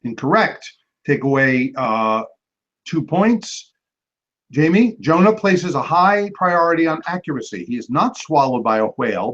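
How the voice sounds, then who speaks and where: Male quiz host, fairly high and very animated, reads each clue twice with slow emphasis, tosses off quick jokes; dull lo-fi sound. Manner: repeats each clue slowly, with quick joking asides. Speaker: trivia quizmaster. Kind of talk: hosting a trivia match, reading clues. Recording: dull lo-fi recording.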